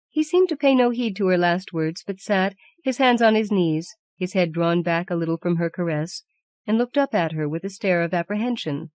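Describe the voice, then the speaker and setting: Woman narrating a book in measured tones. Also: fairly low pitch, no echo. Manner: measured, even storytelling. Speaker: audiobook narrator. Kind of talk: scripted narration.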